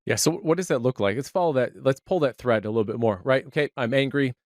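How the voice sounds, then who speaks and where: A man's voice: medium pitch, fast, no room sound, clean studio sound. A man hosting a podcast interview, asking curious follow-up questions and restating his guest's ideas. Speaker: podcast host.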